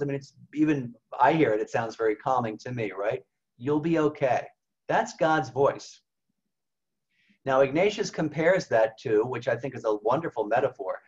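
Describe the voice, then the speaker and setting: A man, a priest, giving an informal spiritual talk, often checking in with "okay?" and "right?". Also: mid-range voice. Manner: conversational, frequent "okay?" and "right?" check-ins. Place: home over video call. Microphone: video call. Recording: slightly dull video call audio.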